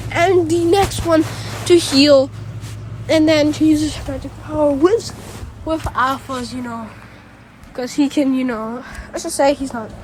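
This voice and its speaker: A woman with a high voice rambles through a fan story. She restarts her sentences often and leans on fillers as she goes. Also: a little mellow, slight background noise, low-quality recording.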